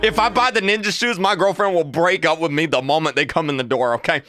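A man in his twenties hosting a casual reaction video, excitable and repetitive, often breaking into high-pitched shouts. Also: fast, faint music behind. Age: 20s. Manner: excitable, repeats himself, bursts into high shouts.

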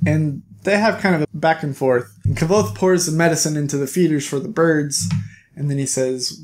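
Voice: medium pitch, normal speed, a little mellow. Chatty book reviewer, playful asides. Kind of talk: casual book recap.

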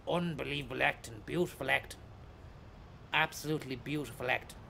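A man's voice: mid-range voice, a little fast, creaky, bright, forceful tone, a little hiss or hum. An Irish man streaming a bus-driving game, chatting with passengers in a teasing way and repeating catchphrases. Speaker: streamer playing a bus driver. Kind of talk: comedic live-stream banter.

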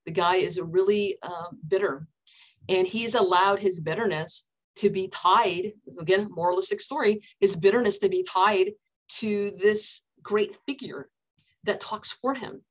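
A woman's voice: mid-range voice, a little slow, rough recording. A woman counselor with an American accent, giving a casual book talk over a video call, chatty and full of fillers and restarts.

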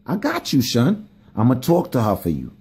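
A young man doing comic, slangy commentary as a mock mediator, scolding and coaxing in animated bursts. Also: medium pitch, moderate pace, vocal fry, husky. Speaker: comedic vlogger. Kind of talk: comic running commentary to dogs.

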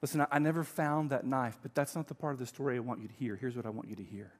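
A middle-aged male pastor preaching a sermon, telling a story with emphatic swings between loud and quiet. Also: mid-range voice, fairly even intonation, very fast.

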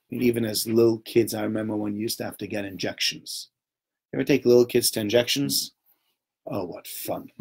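A man giving an informal Torah talk to a small group, conversational and animated, often checking in with "right?" and acting out little voices. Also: fairly low pitch, breathy edge. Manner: acts out little voices and sounds while telling stories.

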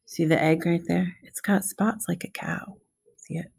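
Woman, middle-aged, slightly low voice, gravelly, expressive picture book read-aloud. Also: unhurried. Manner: expressive, friendly, pointing out pictures. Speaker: preschool teacher reading aloud.

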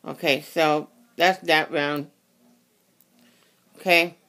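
Craft tutorial host, casual and rambling, apologetic, unhurried pace, bright tense tone. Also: medium pitch, fairly even intonation. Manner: rambling, self-correcting, apologetic. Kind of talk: casual how-to demonstration.

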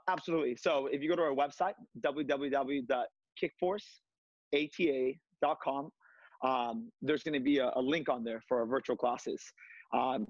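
A man who teaches martial arts, talking through a video call on a TV segment and coaching a short workout with energetic commands. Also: medium pitch, dry recording, highs cut off. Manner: upbeat coaching commands, many fillers. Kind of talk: remote TV interview, leading a workout.

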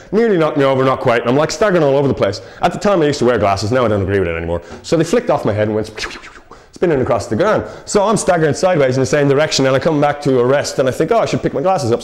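A man's voice: on the high side, a little mellow. A man, co-presenting a local TV show and telling a rambling, self-mocking comic story.

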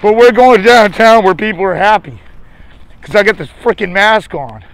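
At normal speed and in a high, slightly bright voice, a man hosts a sidewalk livestream in the city. He rambles with crude jokes and swearing, short of breath behind a face mask.

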